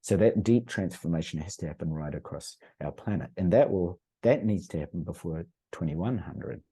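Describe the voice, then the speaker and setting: A man's voice: low voice, animated, normal speed, dark tone, breathy edge. A middle-aged man, a podcast guest, talking in an earnest, rambling way with many restarts. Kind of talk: casual conversational storytelling.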